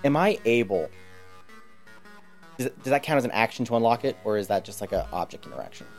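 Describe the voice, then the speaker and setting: A man's voice: mid-range voice, lively intonation, fast talker, vocal fry, soft background music. A man playing a tabletop role-playing game, chatting casually and laughing often. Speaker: player.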